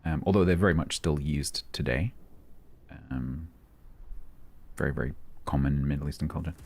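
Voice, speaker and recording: A man's voice: rumbling low, normal speed, darkish tone. A man, chatting casually with his stream viewers and rambling with many ums and restarts. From London, England. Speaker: livestreamer. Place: home, United Kingdom.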